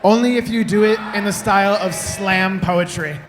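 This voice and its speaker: A man's voice: sits high, normal speed. A man co-announcing a robotics match, joking and stumbling over team names with apologies. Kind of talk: playful event emcee banter. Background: music.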